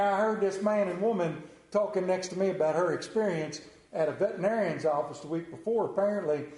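A male preacher with a fairly high voice spins a folksy, humorous story before reading scripture. His voice rings through a reverberant church room, with an easy drawling delivery. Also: darkish tone. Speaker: pastor. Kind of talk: sermon with jokes and scripture reading. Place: church sanctuary.

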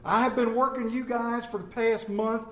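A male pastor preaching a Sunday sermon, animated and joking with the congregation, swinging between loud emphasis and quiet asides. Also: extremely high pitch, moderate pace. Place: church sanctuary. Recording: echoey church room.

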